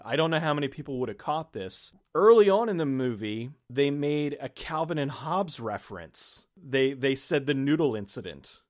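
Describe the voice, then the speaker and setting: A man hosting a casual movie review chat, rambling and acting out his own reactions as he talks. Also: medium pitch. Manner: rambling, restarts phrases, acts out reactions. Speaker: host of a movie review channel.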